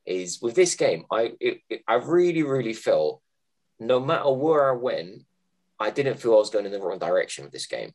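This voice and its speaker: Lively, husky gamer. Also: male voice, fairly low pitch, normal speed. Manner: earnest and emphatic, repeats points. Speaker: podcast co-host. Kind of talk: casual chat.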